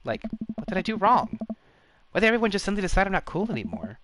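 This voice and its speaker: A man's voice: high-pitched, very animated, fast, fairly bright tone, slight background noise, voice pushed up. A man voicing an upset teenage girl as he reads a game aloud, rambling through dramatic gossip. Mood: hurt.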